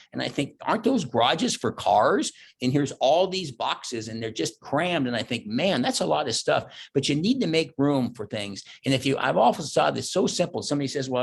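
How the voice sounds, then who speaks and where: A middle-aged man giving a motivational keynote, telling stories and acting out his own thoughts and quotes. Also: on the high side. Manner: animated storyteller, voices his own inner thoughts and quotes. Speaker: keynote speaker. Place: virtual conference talk.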